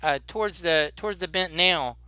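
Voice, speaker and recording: A man's voice: fairly high pitch, moderate pace, pushed and bright, clear, resonant tone, no echo, pitched above the performer's own voice. A man putting on a fretful old shopkeeper lady. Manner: stammering, fussing. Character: worried kindly older woman shopkeeper.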